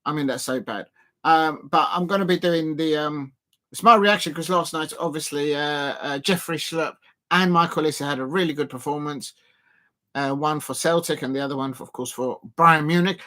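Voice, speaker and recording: A man's voice: fairly high pitch, normal speed, sharp tone. A man casually chatting and commenting on a football match during a live watch-along stream, rambling with lots of fillers and restarts, sitting close to his desk microphone. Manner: rambling, self-deprecating, many fillers and restarts.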